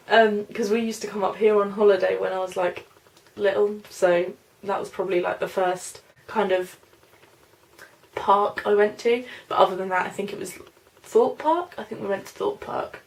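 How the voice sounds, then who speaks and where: Young woman, London-Norfolk English accent, casual Q&A vlog, gravelly edge, middling pitch, hesitant, rambling. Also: steady tone, normal speed. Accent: mix of London and Norfolk English. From London, England. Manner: rambling, hesitant, many fillers and "I don't know". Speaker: vlogger. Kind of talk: casual Q&A vlog, reading questions aloud.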